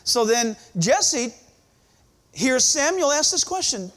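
A male pastor preaching a sermon in church, emphatic, with dramatic pauses. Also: very high-pitched, big pitch swings, a bit bright.

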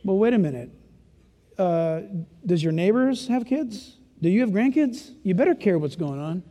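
An older man preaching a sermon as pastor, animated and playing out the voices of his listeners. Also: sits high, normal speed. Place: church. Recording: long reverb of a church hall.

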